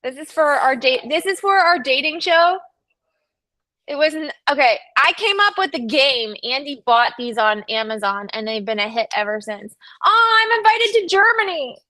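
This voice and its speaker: A woman's voice: high-pitched, normal speed, pushed and bright. A woman hosting a casual livestream from a studio, chatting and teasing with viewers and crew, often laughing. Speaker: livestream host. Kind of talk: casual chat with live viewers.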